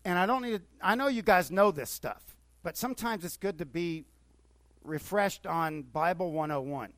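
High-voiced pastor preaching, bone-dry sound. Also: male voice, normal speed, a bit bright, dry recording. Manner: conversational preaching with rising bursts of enthusiasm. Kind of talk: sermon.

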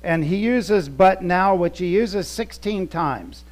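A man's voice: sits high, animated, slow pace, darkish tone. A male pastor delivering a conversational teaching sermon, repeating words for emphasis.

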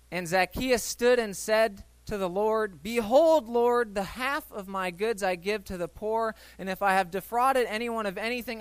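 A man's voice: high voice, fairly bright tone, clean tone, dry recording. A man preaching a sermon, reading Bible stories and acting out the voices in them, talking to his listeners and asking them questions. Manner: conversational, asks the listeners questions. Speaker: pastor.

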